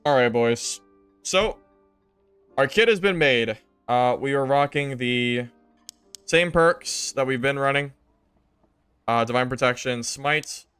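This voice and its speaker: A young man casually commenting on his gameplay to stream viewers, joking and exasperated, jumping to loud high outbursts. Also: slow pace, long pauses, clear, resonant tone, no room sound, faint music behind. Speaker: game streamer.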